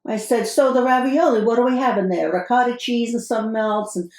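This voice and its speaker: An exasperated, fussy Brooklyn wife with a thick put-on New York accent, played by a woman. Her voice sits fairly high as she complains in animated bursts. The sound carries a roomy echo. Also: brisk, lightly acted. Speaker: podcast co-host in character. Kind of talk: improvised comedy sketch.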